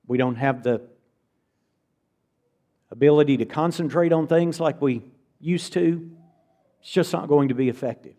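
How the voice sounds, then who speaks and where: A man's voice: a little high, normal speed, pauses often, mellow. A middle-aged man preaching a conversational, earnest sermon to a church congregation, often repeating words for emphasis.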